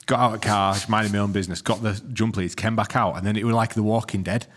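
Podcast host, man, rapid talker, lowish voice. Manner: fast, swearing, animated storyteller. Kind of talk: casual podcast chat.

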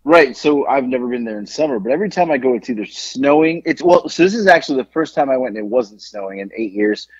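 A man chats on a podcast, telling a long story and acting out the voices of people in it, swearing freely. His voice is husky and swings widely up and down. The recording is dull and lo-fi. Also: mid-range voice, quick pace, hardly any pauses. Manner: animated storyteller, acts out quotes, swears freely. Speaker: podcast co-host. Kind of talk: casual podcast chat.

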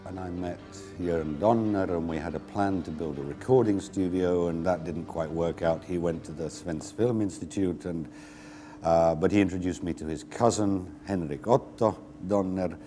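A man, a record producer, recalling past events in a relaxed, rambling interview with many fillers. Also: low voice, normal speed, faint music behind. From England. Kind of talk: interview recollection.

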